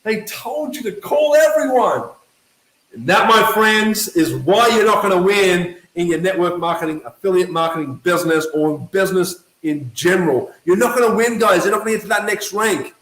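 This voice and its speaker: Brief: high-pitched male sales coach, animated and emphatic, echoey room. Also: a little fast, few pauses. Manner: emphatic, keeps checking in with "okay?" and "right?"; lively, acts out quoted voices. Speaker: network marketing coach. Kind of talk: motivational talk to camera.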